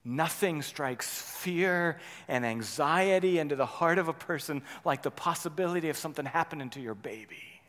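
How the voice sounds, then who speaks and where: A man preaching a sermon, swinging between loud urgent passages and quiet, intimate ones, often checking in with "right?". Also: fairly high pitch, animated, moderate pace, long reverb tail. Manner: dynamic preaching, rising loud then dropping soft, frequent "right?". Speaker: pastor.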